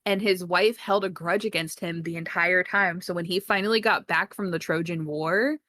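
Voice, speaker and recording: An excitable woman retells film scenes on a casual review podcast, jumping high to act out the characters and cursing freely. The recording is dry and close. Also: moderate pace, no echo. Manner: excitable, acts out characters with big pitch jumps, swears freely. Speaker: podcast co-host. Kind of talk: casual movie review chat.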